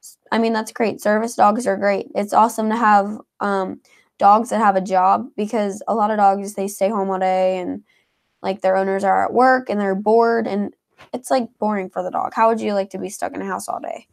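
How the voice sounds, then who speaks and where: A woman chats loosely as a co-host and reads viewer comments aloud. Her speech is sprinkled with "like" and "um". Her pitch sits in an ordinary middle range, with a noticeable gravelly fry. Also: level tone, normal speed. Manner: chatty, heavy on filler words like "like" and "um". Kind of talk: casual live chat.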